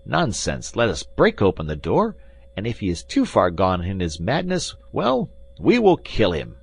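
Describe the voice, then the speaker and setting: A man voicing a proud, hot-headed English gentleman traveler who speaks indignantly. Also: low-pitched, huge pitch swings, normal speed, breathy edge, no echo, heavily acted. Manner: indignant, blustering.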